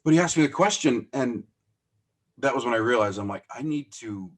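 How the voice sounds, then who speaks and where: A man's voice: medium pitch, brisk. A man, a podcast guest and business owner, telling stories in a casual interview, acting out the dialogue and laughing at himself as he goes. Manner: animated, acts out quoted dialogue; self-deprecating, laughs as he talks.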